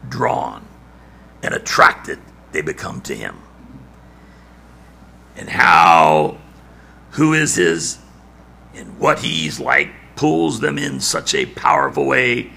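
A male preacher giving a dramatic sermon, building to shouts and dropping to near-whispers. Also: on the low side, gravelly, breathy edge.

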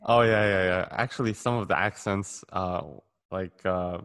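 A man hosting a casual interview, relaxed and rambling with many fillers. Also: low-pitched, measured pace, clear, resonant tone. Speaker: interview host.

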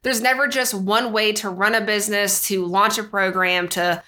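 A woman's voice: mid-range voice, steady tone, normal speed, sharp tone. A woman co-hosting a podcast in casual chat, rambling with lots of filler words and restarts. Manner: rambling, heavy use of "like" and "you know".

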